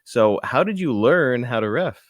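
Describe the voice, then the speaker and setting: A man's voice: mid-range voice, animated, moderate pace, no echo, clean studio sound. A man co-hosting a podcast who asks curious, laid-back follow-up questions in a casual interview.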